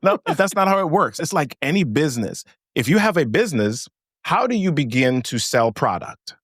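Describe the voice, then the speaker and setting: A man talking as a guest on a business podcast, animated and laughing often as he tells stories. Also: on the high side, moderate pace, husky, dry recording, clean studio sound. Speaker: guest speaker. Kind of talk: casual podcast chat.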